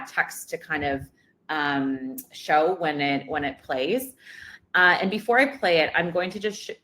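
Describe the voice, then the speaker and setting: A woman's voice: sits low, a bit bright. A woman presenting a product demo webinar in a casual way, with many ums and uhs.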